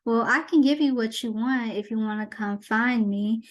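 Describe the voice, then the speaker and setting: A woman's voice: fairly high pitch, normal speed, natural voice. A woman voicing a scheming female sea witch who talks in a coaxing, honeyed way.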